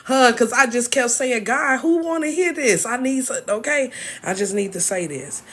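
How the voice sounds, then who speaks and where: A woman's voice: a little high, lively intonation, moderate pace, fairly bright tone, husky. A woman hosting a live stream, talking earnestly and emotionally, preaching and repeating herself as she speaks to her viewers. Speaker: TikTok live host sharing a spiritual message. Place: at home, moving around indoors. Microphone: phone.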